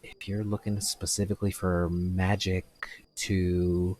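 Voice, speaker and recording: A man's voice: deep voice, level tone, measured pace, darkish tone, slight background noise. A man voicing a polite, flustered human shopkeeper who stammers and apologizes in a tabletop game. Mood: helpful.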